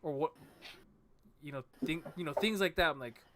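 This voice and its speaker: A man hosting a casual podcast chat on a headset mic, halting and repeating words as he talks. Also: fairly high pitch, heavy background noise. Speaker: podcast host.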